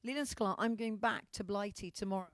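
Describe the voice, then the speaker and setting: A woman's voice: mid-range voice, brisk, a bit bright. A British woman hosting an online show in a comedic, casual monologue, bawdy and theatrical, swearing freely. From Britain.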